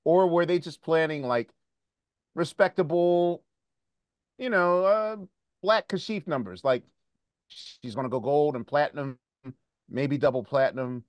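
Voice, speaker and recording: A man's voice: a little high, measured pace, pauses often, no echo. A man hosting a podcast interview, thinking aloud as he puts together a long, winding question. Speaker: podcast host.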